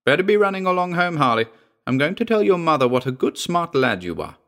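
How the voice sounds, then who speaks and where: A man voicing a fussy, indignant middle-aged housekeeper with a sharp, scolding way of talking. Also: a little high, big pitch swings, fast talker, voice pushed up. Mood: bossy.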